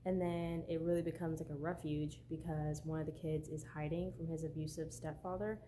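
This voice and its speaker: A woman's voice: sits low, flat delivery, a little fast, warm tone, slight background noise. Bubbly woman gushing over books. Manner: bubbly, gushing, says "like" often. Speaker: book vlogger. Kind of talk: casual book haul chat.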